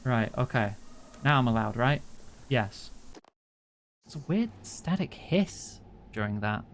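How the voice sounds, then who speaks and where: A man's voice: medium pitch, lively intonation, takes it slowly, a little hiss or hum. Wry man streaming a game. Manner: wry, joking asides. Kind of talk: casual gameplay commentary, reading dialogue aloud.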